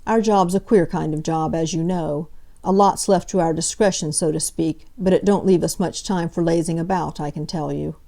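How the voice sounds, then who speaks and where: A slow, stolid young detective, read by a woman in a low, mellow voice. He speaks plainly and deliberately, in working-class phrasing. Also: fairly even intonation, creaky.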